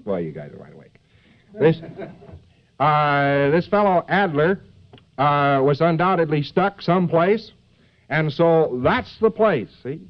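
Very animated and slightly high-pitched, this lecturer speaks a little slowly while he jokes and wanders off-topic before a live audience, tossing in fillers and asides such as "see?". It's a dull, lo-fi recording of an old lecture.

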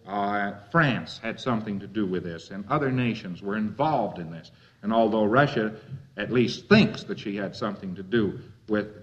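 A man giving a lecture in a folksy, wry, rambling way. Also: on the low side. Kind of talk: lecture to a live audience. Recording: dull lo-fi old lecture tape.

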